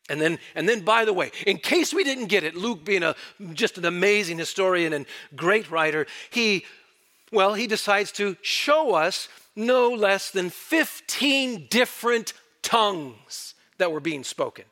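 A male pastor preaching an animated sermon, acting out the astonished crowd's voices. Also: sits high, unhurried.

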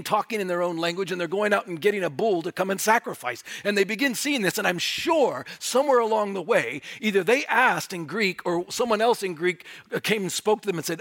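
A man preaching a sermon, animated and emphatic, rising to near-shouts when he presses a point. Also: high-pitched. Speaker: pastor.

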